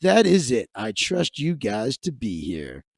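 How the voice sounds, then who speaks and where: A man's voice: medium pitch, huge pitch swings, measured pace, gravelly, no room sound, pitched below the performer's own voice, exaggerated voice. A man doing a raging British movie star. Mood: furious rant. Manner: yelling, profane, threatening. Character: furious male movie star berating film crew.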